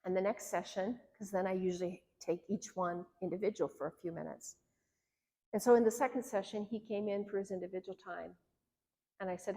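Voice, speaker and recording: A woman therapist teaches a workshop on marriage, speaking earnestly and conversationally. She slips into quoted lines now and then to act them out. Her voice sits at a middle pitch and carries a long reverb from a large hall. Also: fairly even intonation, fairly quick, mellow.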